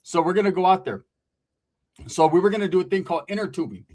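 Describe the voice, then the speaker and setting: A man from the Merced area of California spinning a crude comic story, his pitch jumping all over. He talks with a slightly high voice and a loose, profane, rambling manner. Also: lively intonation, fast, a little mellow. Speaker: comedian storyteller.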